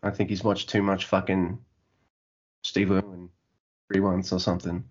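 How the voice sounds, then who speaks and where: A man's voice: low-pitched, level tone, normal speed, lo-fi sound. A man from Australia with an Australian accent, co-hosting a casual podcast chat, laughing often and swearing freely. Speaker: podcast co-host.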